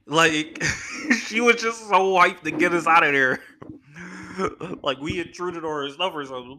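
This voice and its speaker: A young man hosting a podcast, telling a story in a casual, slangy, animated way, laughing between lines. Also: fairly high pitch, measured pace. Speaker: podcast host.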